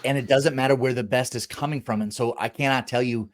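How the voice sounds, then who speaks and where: A man's voice: mid-range voice, steady tone, quick pace, slight background noise. A man in his thirties hosting a casual podcast, talking bluntly with lots of swearing and acting out voices from his past. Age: 30s. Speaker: podcast host and former college football walk-on.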